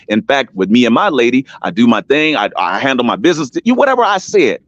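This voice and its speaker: A man's voice: medium pitch, sing-song, brisk, hardly any pauses, dry recording. A man talking on an online panel show, telling a long story with emphasis, restarts and repeated names. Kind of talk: casual live-stream panel talk. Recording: dull lo-fi sound, dry.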